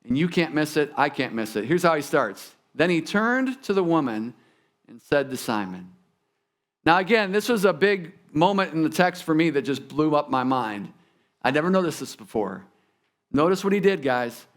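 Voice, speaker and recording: A pastor preaches a sermon in a church sanctuary, his voice a little high and very animated at a moderate pace. He talks conversationally and turns to the congregation with asides.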